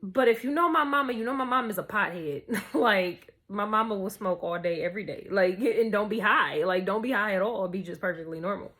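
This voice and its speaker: A young woman telling a story to camera in a casual, animated, profane way, full of slang. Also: mid-range voice, a little fast, hardly any pauses. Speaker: vlogger.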